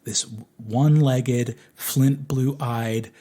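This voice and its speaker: A man telling a comic anecdote with animated swearing. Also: mid-range voice, very slow. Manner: animated, swears freely, acts out voices. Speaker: storyteller.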